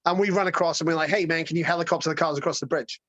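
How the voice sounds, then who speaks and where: A man guest telling a road-trip story in a casual, excitable way, swearing and rambling with lots of restarts. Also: on the high side, racing, dry recording, dull audio.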